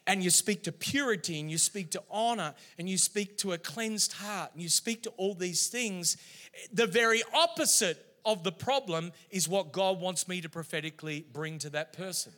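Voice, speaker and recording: A middle-aged man preaching a sermon, telling stories in an animated way. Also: high voice, normal speed. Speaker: pastor.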